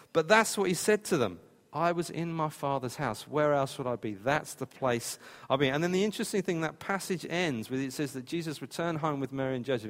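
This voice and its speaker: A man preaching a sermon as pastor, animated and acting out quotes in his storytelling. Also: mid-range voice. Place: church hall. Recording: church hall reverb.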